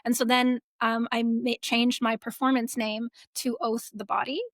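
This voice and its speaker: A young woman, a podcast guest, telling a personal story in a casual, animated way, laughing often and saying "like" a lot. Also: a little high, normal speed, no room sound, clean studio sound. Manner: animated, laughs often, many likes and restarts.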